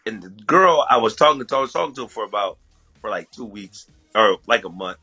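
A man's voice: on the low side, expressive, a little fast, bright, forceful tone, husky, dull audio, faint music behind. A man from the USA telling a story as a guest, casual and profane, often laughing between lines.

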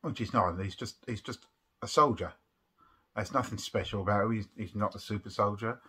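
Young guy, lowish voice, rambling show review, lots of ums. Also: brisk, bright, forceful tone, slightly rough. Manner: rambling, with restarts and fillers. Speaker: vlogger reviewing a TV episode. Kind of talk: casual spoken review.

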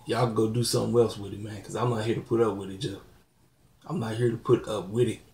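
A man's voice: on the low side, fairly even intonation, fast talker, darkish tone, slight background noise. A young man, hosting his own channel and ranting bluntly and preachily to his viewers. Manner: blunt, preachy, laughing asides. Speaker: channel host. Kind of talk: casual vlog rant to viewers. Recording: roomy echo.

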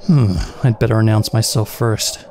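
A man's voice: fairly low pitch, fairly even intonation, normal speed, warm tone, a little hiss or hum. A man playing a horror game on camera, reading the game's lines aloud and adding sarcastic, joking remarks as he goes. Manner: sarcastic, reacting aloud while playing alone. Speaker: gaming channel host. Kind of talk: let's play commentary with read-out game text.

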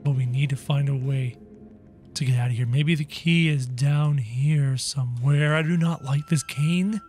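A man hosting a gaming video, giving excited play-by-play commentary and talking straight to his viewers, often acting scared. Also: medium pitch, unhurried, soft background music. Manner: excitable, talks to viewers as guys, mock-scared.

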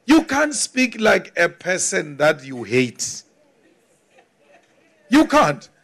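A South African man speaks from the podium in a notably high register, pressing each point slowly and deliberately. He repeats phrases for emphasis, building an emphatic, insistent political address. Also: wildly swooping pitch, a bit bright. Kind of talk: political speech to an audience.

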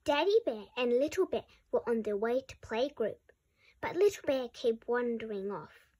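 Woman, storybook reader, husky voice, high pitch, deliberate. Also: expressive, dark tone. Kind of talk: reading a picture book aloud.

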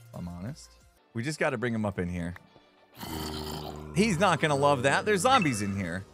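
A man's voice: mid-range voice, a bit bright. A man giving playful gameplay commentary, laughing and mock-scolding the villagers in his game. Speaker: Minecraft player.

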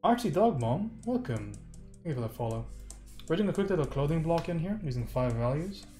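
A man's voice: on the high side, sing-song, brisk, dark tone. Chatty man streaming an art lesson. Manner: chatty, swears, talks to chat. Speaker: livestream art tutor. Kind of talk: casual livestream art tutorial. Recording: roomy echo, faint music.

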